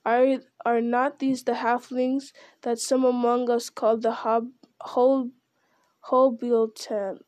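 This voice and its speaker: A woman's voice: on the high side, flat delivery, slow, a little mellow, dry recording. Theoden, a stately gracious king, read by a woman. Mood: courtly. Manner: formal, courtly.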